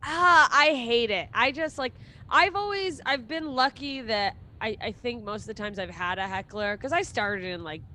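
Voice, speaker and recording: Bright, animated woman comedian. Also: on the high side, moderate pace. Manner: animated, laughs often, swears, acts out quotes. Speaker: touring stand-up comedian, guest. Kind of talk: casual chat.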